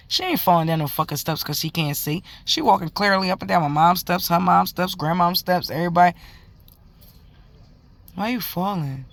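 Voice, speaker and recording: A woman's voice: on the low side, normal speed. A mother telling a story to camera in a casual, heated and profane way, talking in emphatic run-on bursts.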